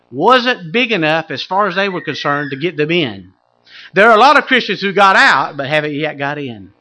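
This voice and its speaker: Male preacher, bright and forceful tone, delivers a dynamic sermon that jumps from loud to hushed. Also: sits high. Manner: animated preaching, swinging between loud exclamations and hushed asides.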